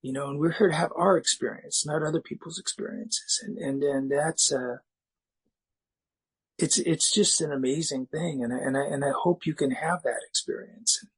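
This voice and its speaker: A man's voice: a little high, moderate pace, husky, poor audio. A middle-aged man from the United States speaking as a recovery meeting speaker, in a candid, self-mocking personal talk with frequent restarts.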